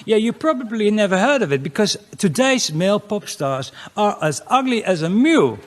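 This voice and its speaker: Lively Dutch-accented male comic. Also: moderate pace, few pauses, a little hiss or hum. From Netherlands. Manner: crude, mocking, jumps to loud high-pitched exclamations. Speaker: comedian. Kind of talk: stand-up comedy routine.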